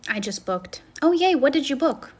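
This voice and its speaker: Brief: woman, gushing live-stream coach, slightly higher voice, recorded on phone. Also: a little hiss or hum. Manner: gushing, effusive and encouraging. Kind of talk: casual live-stream chat, reading comments.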